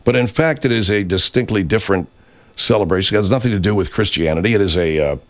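A man's voice: lowish voice, quick pace. A man hosting a comedy talk radio show, speaking in a hesitant, mock-earnest way with frequent restarts.

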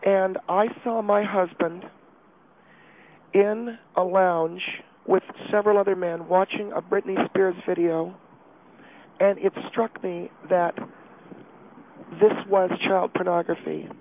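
This caller is a man voicing a distraught, prim middle-aged wife, pitched high with fairly even intonation. Over a thin phone-like connection, she gives a breathless, halting, self-pitying confession.

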